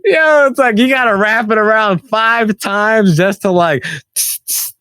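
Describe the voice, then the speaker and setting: A podcast co-host tells stories in a casual, argumentative chat, acting out other people's lines with high squeals. His voice is clear and resonant, a little slow, and the recording is dry.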